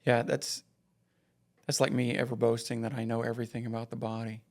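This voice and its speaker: A man's voice: medium pitch, level tone, a little fast, darkish tone. A man hosting a podcast interview, an acupuncturist who affirms his guest and chuckles along.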